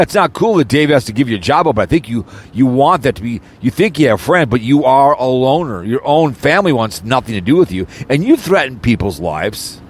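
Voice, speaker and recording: A man delivers an angry, rambling audio rant with a mid-range voice. He loops back over his words, restarts sentences and slips into mocking sarcasm. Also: medium pitch. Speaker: channel host. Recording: audio recording, no video.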